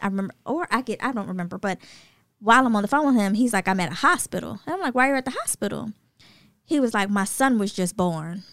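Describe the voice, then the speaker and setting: A woman's voice: medium pitch, lively intonation, fast talker, fairly bright tone, dry recording, clean studio sound. Woman emphatically retelling a phone call. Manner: emphatic, acts out the dialogue. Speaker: guest telling her story. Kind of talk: casual storytelling chat.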